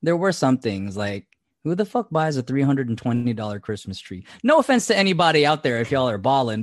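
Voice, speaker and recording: A man co-hosting a casual podcast, animated and laughing often, cursing freely as he chats. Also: mid-range voice, brisk, no room sound, clean studio sound. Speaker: podcast co-host.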